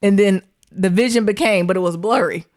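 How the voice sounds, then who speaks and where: A woman's voice: mid-range voice, fairly quick, darkish tone, dry recording, clean studio sound. Woman telling a comic story animatedly. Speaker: podcast co-host. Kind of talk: casual storytelling chat.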